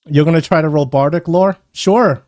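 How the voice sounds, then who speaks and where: A man's voice: fairly high pitch, normal speed, a little mellow. A man running a tabletop game as game master, narrating and improvising. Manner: laughing, improvising.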